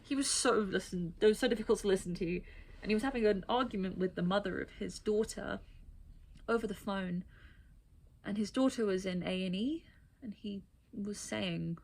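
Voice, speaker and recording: A woman tells a bus story straight to camera in a casual vlog. Her voice sits at a middle pitch for a woman, and she talks in lively bursts. She breaks into exasperated asides and quick mimicry of the people she overheard. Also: creaky. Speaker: vlogger.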